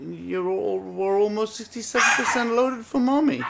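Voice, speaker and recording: A man talking to his baby son at home, playful and gently scolding, repeating words over and over. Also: sits high, normal speed, creaky. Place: at home, indoors. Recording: noisy home camcorder recording.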